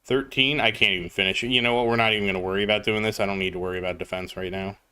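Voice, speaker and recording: A man's voice: on the low side, steady tone, rapid-fire, pushed and bright, clear, resonant tone. A man streaming a mobile game, chatting casually as he plays and greeting viewers in chat by name. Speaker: gaming livestreamer. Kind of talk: casual gameplay commentary.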